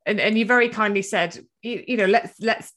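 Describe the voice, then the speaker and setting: A woman's voice: medium pitch, fairly quick, fairly bright tone. A woman hosting a podcast interview, talking in a chatty way with many restarts and murmured agreement. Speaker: podcast host. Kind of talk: casual interview chat.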